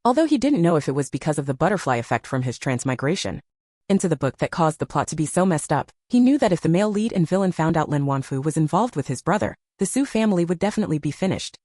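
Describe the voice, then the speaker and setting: A woman's voice: low voice, very animated, fast talker, darkish tone, no echo, clean studio sound. Woman reading a romance novel aloud. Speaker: narrator. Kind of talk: scripted narration of a romance novel.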